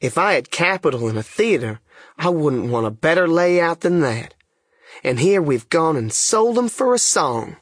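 A man voicing a sly male swindler called the duke, speaking in a slow, wry drawl in an audiobook reading. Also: on the high side, big pitch swings, slightly rough, no room sound, studio quality, voice pushed up. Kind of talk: audiobook character voice.

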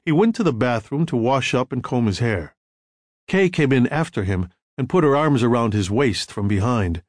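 A man telling a story in an audiobook, measured and expressive. His mid-range voice moves freely up and down in pitch. The studio sound is dry and close, with no echo. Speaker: audiobook narrator. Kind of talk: scripted narration.

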